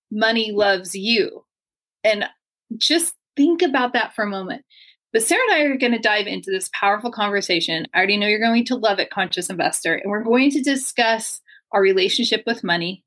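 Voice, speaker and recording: Upbeat, effusive woman host; slightly raised pitch, chatty delivery. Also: a bit bright. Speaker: podcast host. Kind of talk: enthusiastic interview intro. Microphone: video call.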